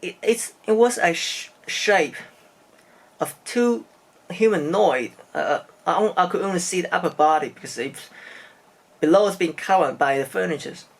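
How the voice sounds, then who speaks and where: A man's voice: high-pitched, lively intonation, normal speed, gravelly. A man from China, speaking English and telling a personal story in a casual vlog, hesitant and searching for words. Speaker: vlogger.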